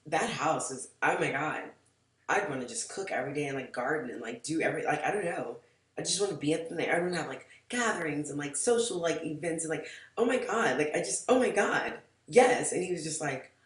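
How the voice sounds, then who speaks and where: A woman telling a personal story in a casual vlog, animated and profane, shifting between loud outbursts and soft, low asides. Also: far from the mic. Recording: roomy echo.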